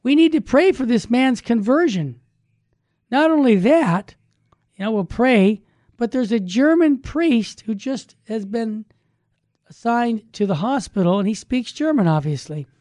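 A man voicing an older nun who runs a convent, brisk and instructive. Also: very high voice, animated, a little mellow, no echo, studio quality, voice pushed up. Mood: instructing. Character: firm motherly convent superior, older woman.

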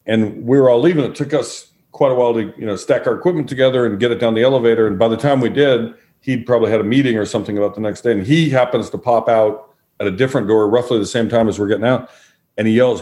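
A middle-aged man, a former sports broadcaster, telling relaxed anecdotes as a podcast guest and acting out quotes. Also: medium pitch, fast. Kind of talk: storytelling in a podcast interview.

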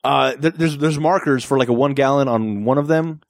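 A man's voice: mid-range voice, vocal fry, no room sound, clean studio sound. A man co-hosting a podcast, chatting loosely about a movie with lots of fillers and asides. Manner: rambling, full of fillers and quick asides. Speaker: podcast co-host. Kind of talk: casual movie recap chat.

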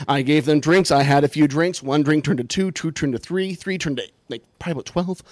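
A man with a fairly high voice tells a funny story about himself. He is animated and self-deprecating, and he sets up each punchline. The recording is close and dry, with no room sound. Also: a little fast, no echo. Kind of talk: comic personal storytelling.

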